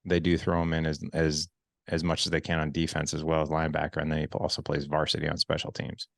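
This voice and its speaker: Deep, gravelly-voiced man hosting a podcast. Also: completely flat delivery, quick pace, no echo, studio quality. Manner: earnest, reflective, with frequent restarts and repeated words. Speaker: podcast host. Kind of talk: podcast conversation.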